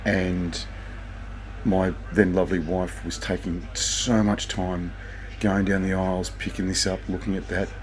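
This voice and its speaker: Deep-voiced older man rambling at night. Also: little pitch movement, measured pace, a little hiss or hum, rough recording. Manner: chatty, anecdotal, occasionally profane. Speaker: vlogger. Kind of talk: casual rambling monologue. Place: motel room at night.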